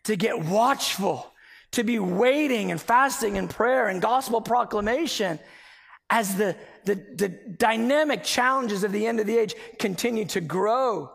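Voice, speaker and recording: A man preaching a sermon, emphatic and animated as he tells a personal story. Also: sits high, a little slow, creaky, husky. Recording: long hall reverb.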